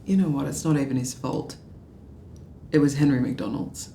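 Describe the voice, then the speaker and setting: A woman's voice: a bass voice, normal speed, creaky, warm tone, echoey room, slight background noise. An actress playing a drunk Australian political media adviser, bitter and sarcastic as she rambles through a story. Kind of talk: film drama dialogue.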